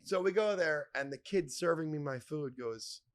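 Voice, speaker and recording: A man's voice: on the high side, normal speed. A middle-aged man hosting a podcast in a bar, telling rambling, profane, jokey stories full of name-dropping. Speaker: podcast host. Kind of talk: casual storytelling chat.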